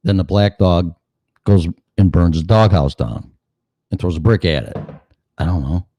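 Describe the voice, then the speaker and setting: A man's voice: low-pitched, normal speed, warm tone, dry recording, highs cut off. A man hosting a show, delivering a sarcastic, profane ranting monologue full of mocking asides. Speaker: show host.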